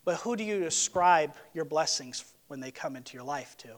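A male pastor preaching a sermon with passion, swinging between emphatic outbursts and hushed asides. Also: on the high side, animated, moderate pace.

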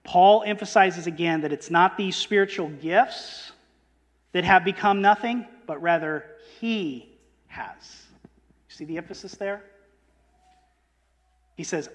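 A man preaching a sermon, emphatic, rising on quoted verses and dropping low on key words, and asking his listeners rhetorical questions. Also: a little slow, in a large hall.

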